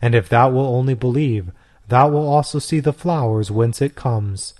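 A man's voice: medium pitch, moderate pace, a little mellow, lightly acted. A man reading aloud, voicing a fervent young male Christian convert who speaks with solemn, earnest persuasion. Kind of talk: storybook reading.

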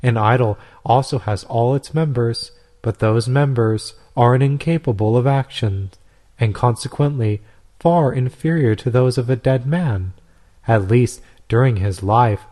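A man reading aloud, voicing a calm, authoritative young woman saint who argues firmly and rhetorically. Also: mid-range voice, unhurried, close to an everyday voice. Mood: firm conviction. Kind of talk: storybook reading.

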